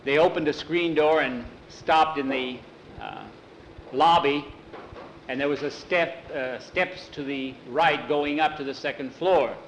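A man telling a story aloud in an unhurried way, acting out the characters' voices. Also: a little high, slight background noise, poor audio.

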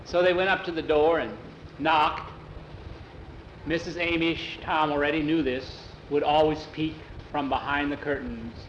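A man telling a story aloud with animated, rambling delivery and a lot of "he said". His voice sits somewhat high, with faint background noise. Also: measured pace, echoey room, lo-fi sound. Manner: animated, digressive, repeats "he said". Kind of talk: oral storytelling.

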